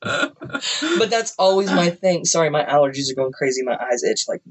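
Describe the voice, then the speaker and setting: A man's voice: animated, moderate pace, poor audio. A man co-hosting a podcast from a room at home, rambling and joking with frequent laughs in casual chat. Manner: rambling, jokey, laughs often, drops into a deep voice for stories. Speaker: podcast co-host.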